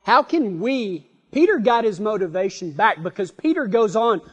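A man preaching a sermon in an animated, folksy storytelling manner. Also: sits high, moderate pace, breathy edge, dull audio. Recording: long reverb.

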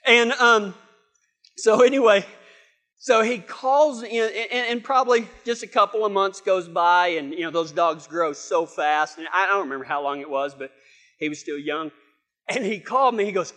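High, bright-voiced preacher telling folksy tales. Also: male voice, normal speed. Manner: folksy, humorous storyteller acting out voices. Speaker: pastor. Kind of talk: sermon with a storytelling opener. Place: church stage.

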